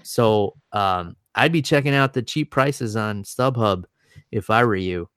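A man's voice: on the low side, measured pace, a bit bright, clear, resonant tone, no room sound, studio quality. A man co-hosting a casual mixed martial arts chat, previewing upcoming fights with enthusiasm and the odd swear word. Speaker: MMA podcast co-host.

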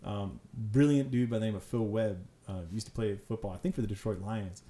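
A man, a teacher and podcast guest, telling classroom stories in animated casual chat, full of "like" and restarts. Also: on the low side, a little hiss or hum. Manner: fast, animated storytelling with many fillers. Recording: echoey room.

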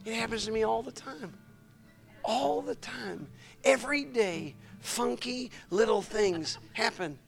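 A male preacher telling stories in an energetic sermon, swinging from shouts to near whispers. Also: extremely high pitch, unhurried, creaky, soft background music. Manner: animated, shouting at peaks, dropping to near whispers.

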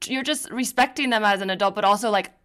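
A woman's voice: mid-range voice, fast talker, a bit bright, clear, resonant tone. Playful young woman hosting, laughing often. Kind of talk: casual chat.

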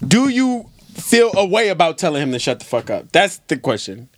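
Very high, lively man's voice. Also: normal speed. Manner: storytelling, animated and profane. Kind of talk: casual group banter.

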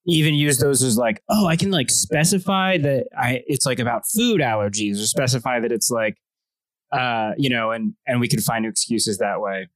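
A man's voice: medium pitch, normal speed, no room sound. A man giving enthusiastic, loose notes on a comedy sketch.

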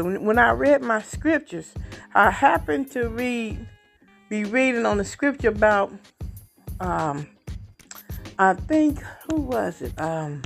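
A woman podcast host shares her personal faith testimony haltingly, repeating words, her pitch rising when she gets excited. Her voice has vocal fry, and faint music plays in the background.

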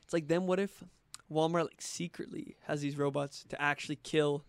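A man's voice: on the high side, steady tone, normal speed, creaky, clean tone, no room sound. A man, a podcast guest and drummer, talking in a loose, chatty way. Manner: loose, chatty, uses many fillers. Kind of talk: casual conversation.

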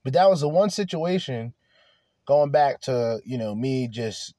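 A man speaking in a blunt, rambling monologue, cursing freely and tripping over restarts. His pitch sits in the middle range for a man. The sound is dry and close, with no room echo. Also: animated, unhurried, mellow. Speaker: podcast host. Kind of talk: casual monologue.

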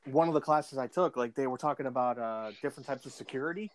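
A man's voice: medium pitch, fast talker. A man chatting casually on a podcast, rambling with lots of fillers and restarts and slipping into voices. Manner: does voices and impressions. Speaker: podcast co-host. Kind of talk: casual chat.

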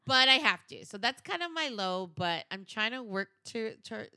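A woman's voice: medium pitch, big pitch swings, moderate pace, bright, forceful tone, no room sound, clean studio sound. A woman co-hosting a podcast in casual chat, playful and slangy, telling stories with quoted voices. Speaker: podcast co-host.

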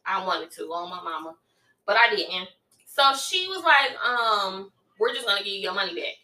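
Woman ranting about a story, cussing a lot, bright sharp voice, echoey and kinda far from the mic. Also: mid-range voice, normal speed. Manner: profane, animated retelling with loud outbursts. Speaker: podcast co-host. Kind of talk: casual chat, storytelling.

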